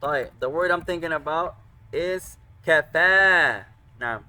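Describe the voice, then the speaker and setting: A man teaching an online class, patient and slow, pausing often and correcting students. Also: a little high, pushed and bright, clean tone. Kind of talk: online Arabic and hadith class. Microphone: computer microphone.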